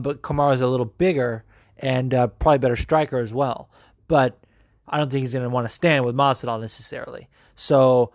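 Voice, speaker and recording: A man's voice: medium pitch, no echo, clean studio sound. A young man hosting a podcast, chatting casually and answering listener messages, rambling and cursing as he goes. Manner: rambling and profane, swings from mumbling to hyped. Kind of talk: casual chat.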